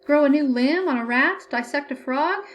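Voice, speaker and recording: A woman's voice: sits high, moderate pace, a little hiss or hum, pitched above the performer's own voice, close to an everyday voice. A woman reading an audiobook voices a young male student who sounds exasperated and put-upon. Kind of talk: audiobook character voice.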